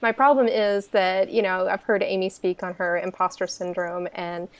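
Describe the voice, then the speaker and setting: A woman's voice: fairly low pitch, steady tone, normal speed. A woman from Kentucky with a Southern twang, a podcast guest talking easily over a remote call with plenty of fillers. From Kentucky, USA. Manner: easygoing, self-deprecating, many fillers. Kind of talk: casual interview chat.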